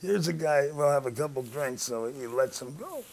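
A man's voice: medium pitch, lively intonation, normal speed, gravelly, a little mellow, rough recording. A former ballplayer telling a rambling anecdote in an interview, acting out the dialogue as he goes. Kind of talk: storytelling interview.

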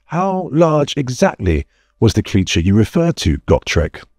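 Felix: man reading sarcastic young adventurer, lively delivery, dry recording. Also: medium pitch, a little slow, dry recording, pitched above the performer's own voice. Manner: articulate, sarcastic. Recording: dry close mic, faint music bed.

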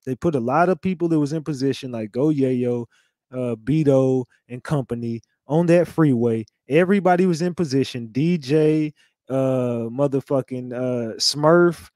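A man's voice: mid-range voice, normal speed, mellow, no room sound, clean studio sound. A man hosting a commentary show, rambling in casual slang with lots of fillers. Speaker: host.

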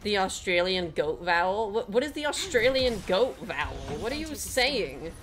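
A woman's voice: mid-range voice, sing-song, moderate pace, over music. Chatty young woman streaming a game. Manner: rambling, candid, swears, answers chat. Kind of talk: casual gameplay stream chat.

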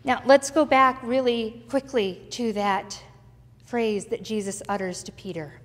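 High-voiced woman preaching in a reverberant church. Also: steady tone. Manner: dramatic storytelling with pauses. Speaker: pastor. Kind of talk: sermon. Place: church sanctuary.

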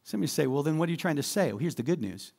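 High-voiced pastor preaching animatedly. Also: male voice, very fast, creaky, husky. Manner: animated preaching with call-and-response to the congregation. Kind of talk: sermon. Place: church sanctuary.

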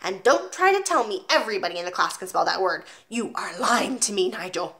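A woman's voice: mid-range voice, animated, a little fast, a bit bright. Woman playing a bellowing, scornful giant headmistress. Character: huge, brutal, sarcastic headmistress.

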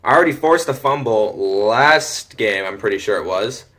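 A teenage boy casually commenting on a football video game from home, chatty, easily excited and often muttering to himself. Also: fairly low pitch, normal speed. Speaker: gaming commentator. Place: home room.

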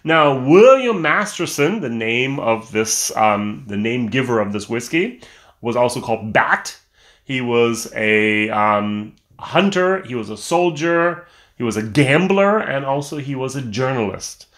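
A man's voice: medium pitch, lively intonation, a little slow, a bit bright. A man talking casually into a camera at home, reviewing a whisky. He sounds enthusiastic and chatty, stumbling into restarts and fillers as he goes, with an ordinary mid-range voice. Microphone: camera mic.

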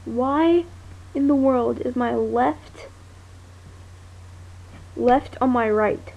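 A sleepy young woman rambles to her webcam, her high voice turning gravelly as it trails off. She drawls slowly through giggly nonsense. The sound is tinny and lo-fi with a faint hiss.

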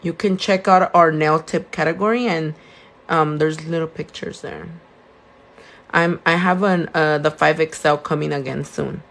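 A woman's voice: sits low, a little slow, vocal fry, fairly bright tone. A young woman with a Californian accent, a nail tech chatting casually on a live stream, answering viewer questions and mixing Spanish words into her English. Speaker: nail tech and shop owner. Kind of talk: casual live-stream chat while doing nails.

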